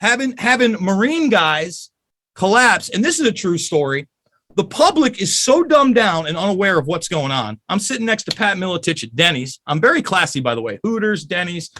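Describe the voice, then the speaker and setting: A man's voice: high voice, very animated, moderate pace, sharp tone. Angry, profane man ranting. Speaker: podcast guest. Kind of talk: heated podcast rant.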